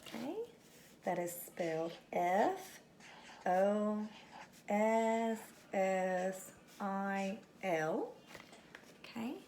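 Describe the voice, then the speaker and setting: A woman's voice: mid-range voice, drawn-out words, pauses often, darkish tone, a little hiss or hum. A middle-aged woman teacher recording a spelling lesson at home, patiently calling out words and spelling them letter by letter.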